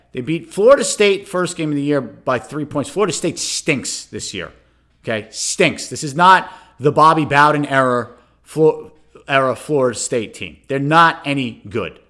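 A man's voice: medium pitch, fairly bright tone. A middle-aged man hosting solo sports commentary, ranting sarcastically and turning to listeners with "okay?" asides. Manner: ranting, sarcastic, rising to exasperated outbursts; addresses listeners directly, frequent "okay?" asides. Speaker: sports talk host.

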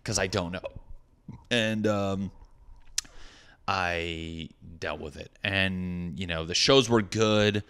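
A man's voice: low voice, slow pace, pauses often, a bit bright, clean tone. A young man, a stand-up comedian, telling a rambling, profane, self-deprecating story in casual chat.

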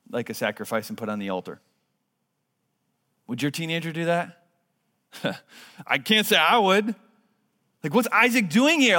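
A man in his thirties preaching a sermon in a church, earnest, moving between hushed and emphatic delivery. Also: on the high side. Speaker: pastor. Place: church sanctuary. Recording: long hall reverb.

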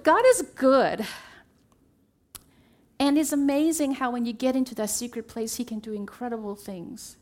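A woman's voice: on the high side, fairly even intonation, fairly quick, few pauses, warm tone. A middle-aged woman giving an earnest personal testimony at church, telling her story and acting out the dialogue along the way. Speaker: church member sharing a testimony.

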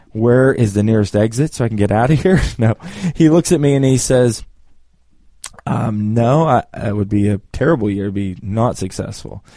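A man working as a business coach who tells a client story with lively re-enacted dialogue. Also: fairly low pitch, gravelly, no echo, clean studio sound. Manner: animated storyteller, acts out both sides of the dialogue. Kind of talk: storytelling talk.

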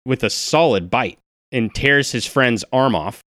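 A man running a tabletop game as game master, narrating the action in a relaxed, descriptive way between casual banter with his players. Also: mid-range voice, a little slow, a little hiss or hum.

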